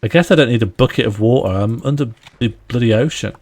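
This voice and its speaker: Gravelly, playful male game streamer. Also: medium pitch, quick pace, darkish tone. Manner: playful, chatty, laughs often, talks to himself while playing. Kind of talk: casual live-stream chat while gaming.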